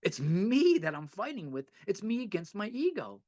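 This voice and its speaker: A man's voice: sits high, sing-song, moderate pace, darkish tone, dull audio. A man giving a heartfelt, rambling talk at a recovery meeting, often repeating himself and laughing a little.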